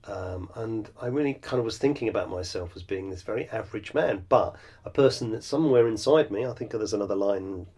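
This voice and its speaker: Middle-aged man, low husky gravelly voice, rambling reflective podcast monologue, self-deprecating. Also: brisk, few pauses, a little mellow. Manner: rambling, self-deprecating, many fillers and restarts. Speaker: podcast host and songwriter.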